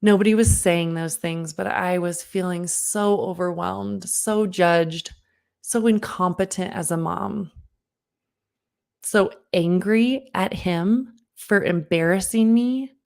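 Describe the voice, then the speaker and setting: A woman in her thirties, a parenting coach, giving an online workshop talk and telling a personal story with lively, earnest direct address to the listener. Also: on the low side, slow, creaky. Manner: lively storyteller who acts out her own past lines.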